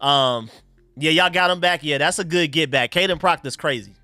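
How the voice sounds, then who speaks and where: A young man hosting a casual live stream, chatting excitedly and thanking donors. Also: on the high side, moderate pace, no room sound, soft background music.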